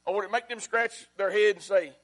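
A man preaching a sermon as pastor, repeating his phrases and swinging between loud and hushed. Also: high-pitched, brisk.

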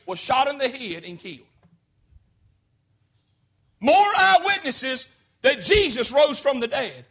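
A man's voice: very high-pitched, pushed and bright. A man preaching a fervent sermon and speaking directly to his congregation.

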